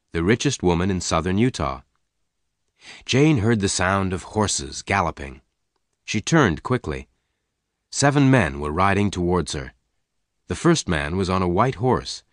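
A man narrating a story in a slow, clear, even reading for English learners. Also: sits low, no room sound, studio quality.

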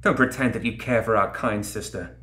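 A man's voice: fairly low pitch, brisk, fairly bright tone, natural voice. Man voicing a taunting demon queen. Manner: taunting, hissing menace. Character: towering cruel winged demon queen, woman. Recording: roomy echo.

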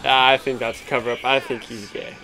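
A man's voice: medium pitch, flat delivery, a little fast, music in the background. A young man co-hosting a let's play, making crude, provocative jokes in casual chat.

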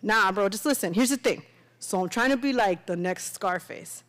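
A woman's voice: medium pitch, moderate pace, a bit bright, close to an everyday voice. A woman voicing a touchy young man, an aspiring bodybuilder who talks in an insistent, defensive way.

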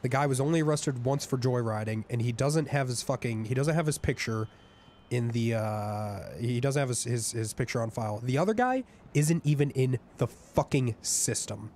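A man's voice: medium pitch, normal speed, a little mellow, slight background noise. A man roleplaying a crook in a game, talking in a profane, rambling, conspiratorial way. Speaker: roleplay streamer playing a crook.

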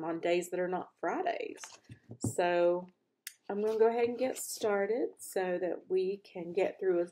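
A woman hosting a storybook read-aloud for children, chatting gently before reading the narration. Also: fairly low pitch.

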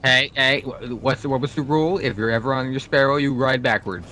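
A man's voice: mid-range voice, fairly even intonation, brisk, sharp tone. A young man from Canada chatting and joking with friends while playing a co-op game. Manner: joking, laughs often, teasing. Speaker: gamer. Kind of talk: casual co-op gaming chat.

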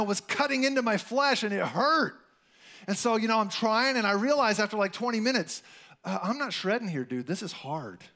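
A man's voice: high-pitched, a bit bright. A male preacher giving a casual sermon, telling personal stories in a chatty way with lots of "like" and "you know".

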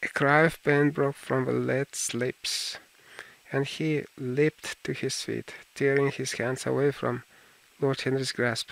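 A man narrating an audiobook in a slow, deliberate reading. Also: medium pitch, level tone, creaky, a bit bright, no echo, poor audio. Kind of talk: scripted narration.

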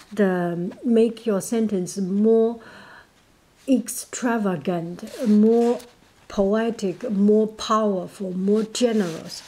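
A woman with a Chinese accent, a native Chinese speaker, explaining a language point in a casual, hesitant way, often pausing to search for words. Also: medium pitch, a little mellow.

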